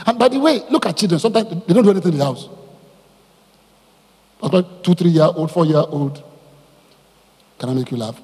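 A man preaching a sermon to his congregation as their pastor, animated and often putting questions to the listeners. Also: high voice, fairly quick, pauses often, breathy edge, in a large hall. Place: church hall.

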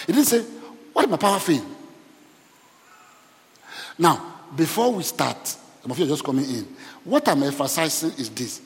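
A pastor delivers a sermon and keeps turning to the congregation with questions. His voice sits a little high and swings widely in pitch. Long reverb from the church hall trails after each phrase. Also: big pitch swings, measured pace, long pauses. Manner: asks the congregation questions, preaching with call and response.

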